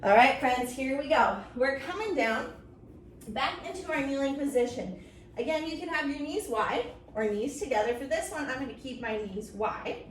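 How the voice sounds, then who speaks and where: A woman leads a children's yoga story time, encouraging and playful, making silly animal sounds along the way. Her voice is high with lively intonation at a moderate pace, and the recording is roomy and distant with faint noise.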